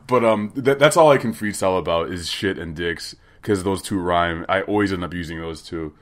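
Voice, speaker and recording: A man hosting a podcast, chatting casually in a loose, excitable, joking way. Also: deep voice, brisk. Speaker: podcast host.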